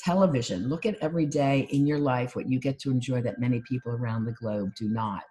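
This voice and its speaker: A woman life coach giving a calm, instructive talk on gratitude and mindfulness, listing things one by one. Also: a bass voice, fast talker. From United States.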